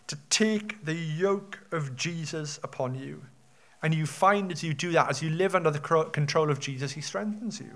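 Preacher asking rhetorical questions. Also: male voice, fairly high pitch, moderate pace, a bit bright. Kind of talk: sermon.

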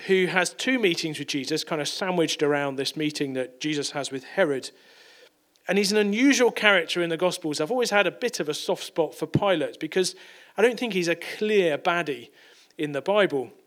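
A man's voice: a little high, lively intonation, fairly quick, fairly bright tone. Conversational male preacher. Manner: conversational, self-correcting, repeats words. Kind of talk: sermon.

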